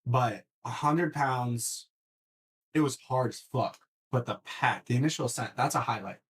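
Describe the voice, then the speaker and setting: Animated man swearing through a story. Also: mid-range voice, measured pace. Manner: animated storyteller, swears freely, restarts often. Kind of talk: casual podcast chat.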